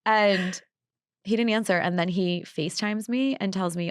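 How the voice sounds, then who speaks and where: Young woman podcast co-host, lowish voice, blunt and animated, dry close sound. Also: unhurried, dry recording. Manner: animated, blunt storyteller who swears freely. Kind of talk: casual chat, storytelling. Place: New York.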